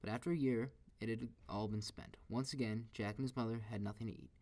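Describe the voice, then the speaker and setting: A man reads a children's story aloud in a steady, expressive manner. His voice sits low and carries a gravelly texture. He gives each sentence a storyteller's weight. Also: a little fast.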